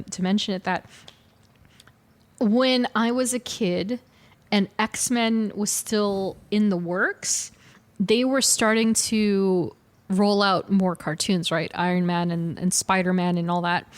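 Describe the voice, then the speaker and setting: A woman in her forties co-hosting a casual podcast chat, telling stories animatedly and correcting herself as she goes. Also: mid-range voice. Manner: animated storyteller, quick self-corrections. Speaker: podcast co-host.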